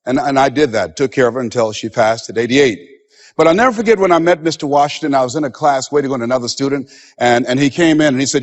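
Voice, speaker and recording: A man's voice: mid-range voice, quick pace, big-room sound, muffled recording. A man giving a motivational seminar speech, with emphatic, preacher-like delivery that acts out the voices of others. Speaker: motivational speaker.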